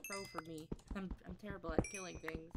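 A woman's voice: on the low side, fairly even intonation, fast. Chatty woman streamer muttering over gameplay. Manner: chatty, self-deprecating, muttering to herself. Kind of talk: casual gameplay commentary. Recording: loud background noise.

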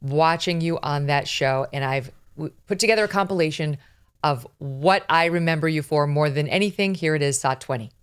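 A woman's voice: low-pitched, clear, resonant tone. A woman hosting an interview show, who reacts eagerly and asks direct questions. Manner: enthusiastic, quick to react. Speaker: host.

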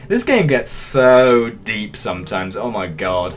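A man casually commentating as he plays a game, excitable, joking and swearing as he goes. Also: on the low side, slow, hardly any pauses, over music. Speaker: let's play host.

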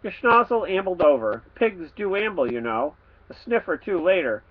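A man, the author, reading his children's storybook aloud with playful, expressive delivery. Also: on the high side, moderate pace, narrow, tinny audio.

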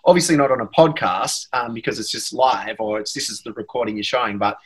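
Australian man with a husky voice. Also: medium pitch, a little fast, low-quality recording. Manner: rambling, self-deprecating. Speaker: guest actor. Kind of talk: casual chat.

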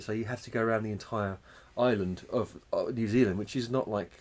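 A man's voice: on the low side, fairly even intonation, a little fast, darkish tone. A man co-hosting a podcast, rambling through a story in casual chat and swearing freely. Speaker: podcast co-host.

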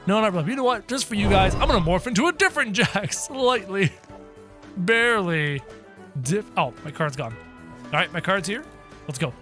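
A man doing excitable casual gameplay commentary, talking straight to his viewers. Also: sits high, normal speed, over music. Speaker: gaming YouTuber.

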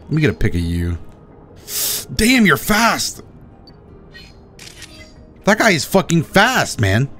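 A man's voice: on the high side, slow pace, pauses often. Hyped-up streamer guy, voice swoops all over, faint game music behind. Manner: excitable, gasping and shouting at creatures on screen. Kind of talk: excited let's-play commentary.

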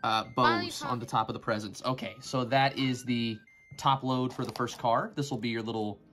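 A man chats his way through a toy build in a loose, rambling manner and keeps drifting into jokes. His voice sits at an ordinary middle pitch. Faint music plays under him. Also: fairly even intonation, normal speed. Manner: rambling, joking, easily sidetracked. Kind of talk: casual build commentary.

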